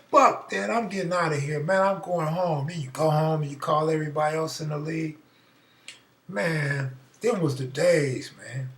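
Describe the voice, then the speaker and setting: A middle-aged man, host of a live stream, telling a profane, animated story in a casual way and acting out the voices. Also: fairly high pitch, roomy sound, distant mic.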